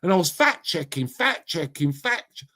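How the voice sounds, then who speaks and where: Chatty man, matey and higher-pitched. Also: very animated, moderate pace, sharp tone. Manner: chatty, matey, swears freely, addresses viewers by name. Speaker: live stream host reading chat. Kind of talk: casual chat.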